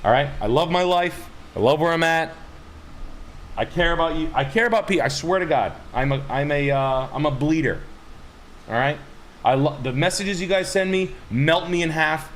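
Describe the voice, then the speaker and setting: A man's voice: a little high, normal speed, fairly bright tone, slight background noise. A man hosting a stream, talking in a rambling, profane and impassioned way. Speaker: streamer host. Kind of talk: rambling casual stream talk.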